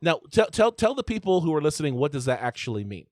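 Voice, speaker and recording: A man hosting a live sports call-in show, talking in an energetic, chatty way with many fillers and restarts. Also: a little high, fast talker, no echo, clean studio sound. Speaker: host.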